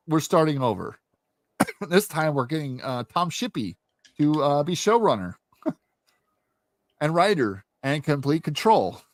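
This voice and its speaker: A man's voice: medium pitch, no room sound. A young man ranting in a casual monologue, blunt and heavy with swearing, as an indie author promoting his book. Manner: profane, blunt and animated. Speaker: indie author and channel host.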